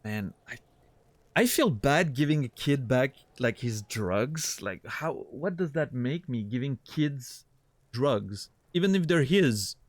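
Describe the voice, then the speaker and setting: A man streaming a game, chatting casually with a deadpan sense of humor and thinking out loud. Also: medium pitch, takes it slowly, dry recording. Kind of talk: casual gameplay commentary.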